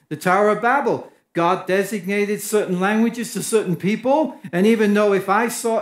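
A man with an English accent preaching a sermon as pastor, emphatic and lively when quoting others. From England. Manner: emphatic, rises in pitch for quoted crowds. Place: church. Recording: echoey church room.

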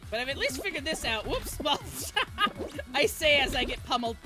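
Woman streamer, desk mic, lively up-and-down voice, curses at every fail, rambling chat with viewers. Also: high-pitched, normal speed, music in the background. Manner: swears and shrieks at failures. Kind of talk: live gameplay commentary.

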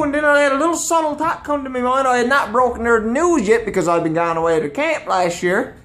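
A man's voice: very high voice, fast talker, hardly any pauses, fairly bright tone, low-quality recording. Blunt Newfoundland man ranting. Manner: blunt, exasperated, local slang. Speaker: comedy vlogger. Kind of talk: comic rant to camera.

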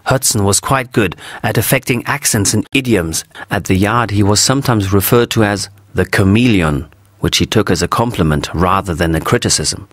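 A man reading a story aloud for English learners, steady and clear. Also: on the low side, normal speed, no echo, clean studio sound. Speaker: narrator.

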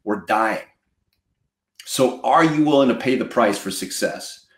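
A man's voice: mid-range voice, expressive, a little slow, reverberant. A man giving a motivational talk as a coach, emphatic and preachy, repeating lines for effect. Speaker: mortgage marketing coach.

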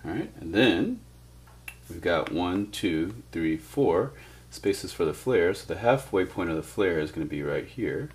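A man teaching turntable scratching in a relaxed, step-by-step way, often saying "all right" as he works through each part. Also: low-pitched, a little slow. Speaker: DJ scratch instructor. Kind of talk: casual instructional demo.

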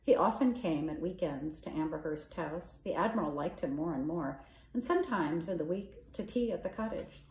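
A woman storyteller reading a children's novel aloud in a calm, measured way. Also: lowish voice, slight background noise. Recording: echoey room.

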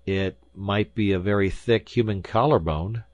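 A man's voice: fairly low pitch, moderate pace, no room sound, muffled recording, close to an everyday voice. A man voicing a skeptical young journalist who argues earnestly and with disbelief. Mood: incredulous. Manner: earnest, incredulous.

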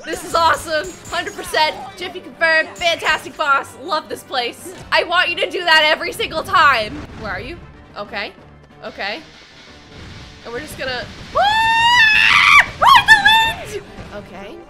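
Excitable high-voiced woman streaming a game. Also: moderate pace, music in the background. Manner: goofy, excitable, talks to the game characters. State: sore throat. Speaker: gaming streamer. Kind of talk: casual let's-play commentary.

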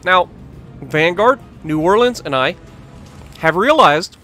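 A man's voice: high voice, slow, faint music behind. A man giving casual, joking commentary over his own gameplay and talking to the viewers. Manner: animated, joking, talks to the game and viewers. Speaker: gaming channel host.

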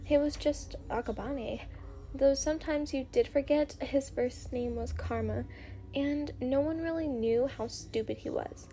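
Sleepy asmr story lady, slow, mellow and kinda high, gentle reading. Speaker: narrator. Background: faint music.

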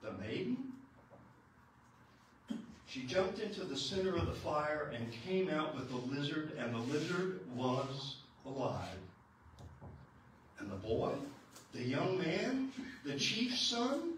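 A man preaching, telling a folk tale slowly and dramatically with repeated phrases, recorded in a church sanctuary. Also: on the high side, big pitch swings, a bit bright, a little hiss or hum. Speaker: pastor. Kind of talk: sermon storytelling. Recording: echoey church from far off.

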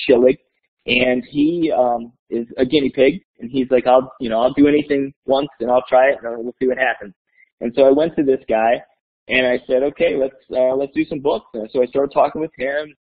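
A man's voice: mid-range voice, husky. A man presenting at a webinar, telling a classroom story and acting out the quoted dialogue. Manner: animated, acts out quoted dialogue. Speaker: guest presenter. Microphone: webinar audio. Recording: tinny phone-like line.

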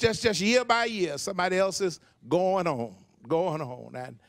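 An older man from Texas, preaching an impassioned sermon with shouted peaks and stammered repetitions. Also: high voice, no echo. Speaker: pastor.

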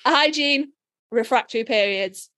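Sweary Yorkshire woman, higher voice. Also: a little slow. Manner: blunt, swears freely, laughs often. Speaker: podcast co-host. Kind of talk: casual podcast chat.

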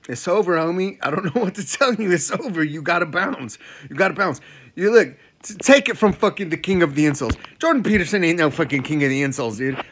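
A male comedian doing a profane stand-up rant, repeating lines and swinging from loud outbursts to low mutters. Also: husky.

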